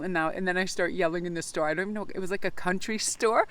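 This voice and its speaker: A woman's voice: on the low side, quick pace, few pauses, clean tone. Chatty, effusive woman tarot vlogger. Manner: effusive, rambling, lots of fillers. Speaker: tarot card reader. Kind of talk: casual chatty vlog talk to viewers.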